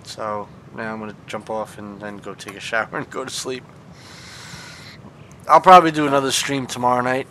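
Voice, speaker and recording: Bright-voiced, foul-mouthed male streamer. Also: medium pitch, level tone, a little fast, slight background noise. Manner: laid-back, swears freely. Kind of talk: casual live-stream chat. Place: home.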